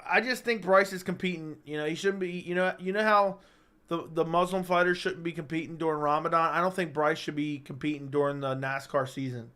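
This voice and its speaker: A man's voice: fairly high pitch, fairly even intonation, fairly quick, a bit bright, smooth. A young man hosting a live-stream chat, rambling and joking as he reads viewer comments aloud.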